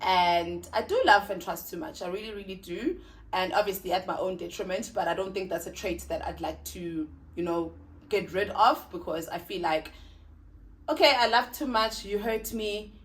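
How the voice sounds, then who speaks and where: Young woman, South African accent, casual vlog chat, emotional, laughs a lot. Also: mid-range voice. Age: young adult. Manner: emotional, expressive, laughs often. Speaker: vlogger.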